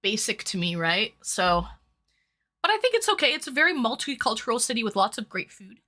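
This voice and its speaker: A Toronto-born livestream host talks fairly fast in a high, sing-song voice with a bright, forceful edge. She greets viewers by name, bubbly and chatty, with a nose running from hot sauce.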